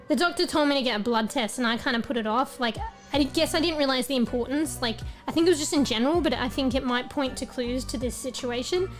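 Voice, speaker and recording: A woman streamer chatting casually with viewers. She rambles, swears often, and is losing her voice. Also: high voice.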